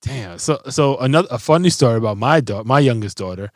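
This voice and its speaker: A middle-aged man co-hosting a casual podcast, telling profane stories with animated delivery. His voice sits mid-range, and the sound is close and dry. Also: medium pitch, fast, no room sound. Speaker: podcast co-host. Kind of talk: casual podcast chat, storytelling.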